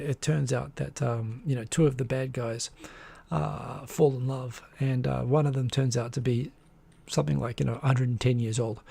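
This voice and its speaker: A man's voice: mid-range voice, gravelly, darkish tone, husky. A man hosting a live stream, chatting casually and rambling with frequent restarts. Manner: rambling, restarts often, chuckles. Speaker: host of a weekly live show.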